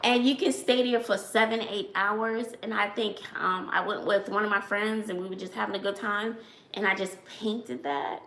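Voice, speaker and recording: A woman from Brooklyn, hosting a casual livestream chat and telling lively stories with frequent laughs. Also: medium pitch, moderate pace, vocal fry, roomy sound. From Brooklyn, New York. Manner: animated storyteller, laughs often, says "child". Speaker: channel host.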